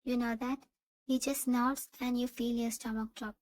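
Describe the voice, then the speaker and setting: A woman reading second-person fan fiction narration in an even, steady way. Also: a little high, normal speed, dry recording, poor audio.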